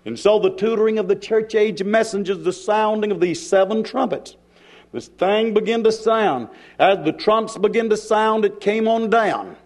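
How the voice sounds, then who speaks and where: A male preacher delivering a sermon in a church, with dramatic pauses and shifts in pace. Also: high-pitched.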